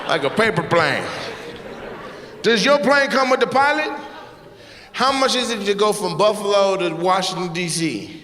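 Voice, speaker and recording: A man doing stand-up crowd work on a club stage, teasing audience members in a loud, playful way, laughing often. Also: high-pitched, big pitch swings, slow pace, pauses often. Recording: live club audio with audience noise.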